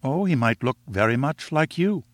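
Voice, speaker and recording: A man reading aloud voices a proud, composed young woman who gently reproves and reasons with her suitor. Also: mid-range voice, expressive, normal speed, no echo, close to an everyday voice.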